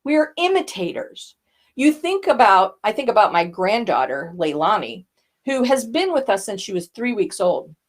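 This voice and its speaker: A woman's voice: mid-range voice, very animated, normal speed. An older woman, a voice coach, teaching a lesson and demonstrating vocal effects as she explains.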